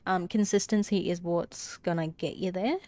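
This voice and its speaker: A woman's voice: fairly low pitch, steady tone, moderate pace, warm tone, dry recording. Congested woman streamer chatting. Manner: rambling, swears casually, self-correcting. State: slightly out of breath. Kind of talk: casual live-stream chat.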